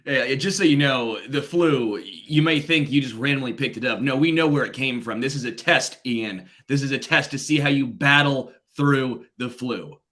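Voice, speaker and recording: A man's voice: mid-range voice, normal speed, hardly any pauses, fairly bright tone. A man hosting a sports podcast, talking in a playful, teasing way. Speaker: podcast host. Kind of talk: casual podcast chat.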